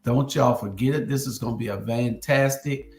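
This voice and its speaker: A man's voice: medium pitch, normal speed, slight background noise. Roomy-sounding man announcing with many fillers. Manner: relaxed, hesitant, many fillers. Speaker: show host. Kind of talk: casual panel discussion. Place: live stream panel. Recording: roomy echo.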